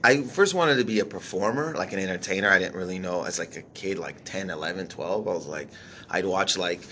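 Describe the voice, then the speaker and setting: A Canadian-raised stand-up comedian, a man, telling his story in casual, profane, animated chat. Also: low voice, fairly quick, slight background noise.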